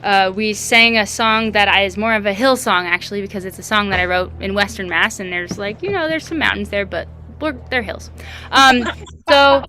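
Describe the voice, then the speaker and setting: A woman leading a song session, introducing her choir in a warm, enthusiastic way. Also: medium pitch, moderate pace, faint music behind. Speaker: song leader. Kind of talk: casual introduction. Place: outdoors with choir.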